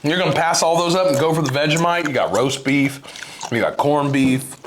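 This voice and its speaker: A man's voice: a little high, fairly quick, slight background noise. A man hosting a casual snack-tasting video, joking and complaining in an exaggerated way. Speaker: channel host tasting snacks.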